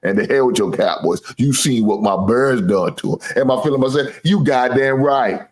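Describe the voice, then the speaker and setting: Expressive and moderately paced, a man with a darkish, mid-range voice hosts a sports show. His talk is a casual trash-talking rant to viewers, cocky and teasing, loaded with swearing and his own laughter at his jokes.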